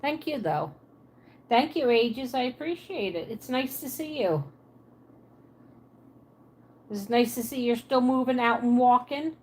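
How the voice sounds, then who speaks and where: A woman's voice: fairly high pitch, animated, a little slow, long pauses. A woman from Pennsylvania with a Pennsylvania Dutch accent and a Southern twang, chatting casually on a livestream from her apartment and answering viewers' comments aloud.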